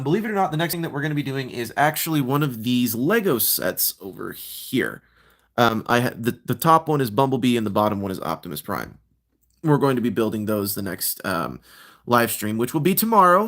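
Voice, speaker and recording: A man's voice: mid-range voice, a bit bright. A young man chatting casually on a live stream while transforming a toy figure, rambling, self-mocking and greeting viewers by name.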